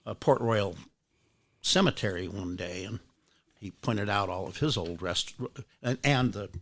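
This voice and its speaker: A man's voice: lowish voice, lively intonation, measured pace, fairly bright tone. An older man chatting casually at a book club, telling rambling anecdotes with frequent restarts and casual swearing. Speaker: rare bookseller and book club guest. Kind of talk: casual storytelling chat.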